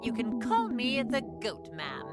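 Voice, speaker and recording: A woman's voice: on the high side, wildly swooping pitch, unhurried, music in the background. A woman putting on a prim old goat librarian. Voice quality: prim, old-fashioned "dear" manner. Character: genteel, cheerful old female goat-like librarian.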